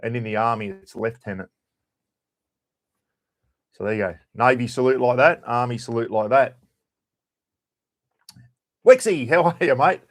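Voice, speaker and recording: A man's voice: medium pitch, moderate pace, long pauses. Chatty Australian man greeting viewers. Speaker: livestream host. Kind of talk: casual live-stream chat.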